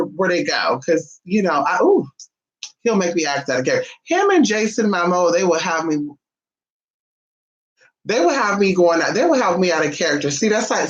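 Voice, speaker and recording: A woman vlogger in casual chat to camera, sassy and chatty, calling her listeners honey and swinging her voice between high and low. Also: dull audio.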